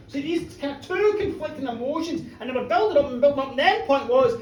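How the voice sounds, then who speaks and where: A woman telling a comic story to a live audience in a bar, playful and animated, acting out the characters. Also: high voice, fast, few pauses. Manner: animated, playful, acts out a boy's voice. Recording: echoey bar recorded from far off.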